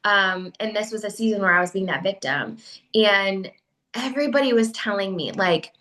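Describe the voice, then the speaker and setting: A woman's voice: medium pitch, moderate pace, a bit bright, rough recording. A woman in her thirties, a podcast co-host, telling a personal story in a casual, emotional way, tearful and full of "like" fillers. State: crying.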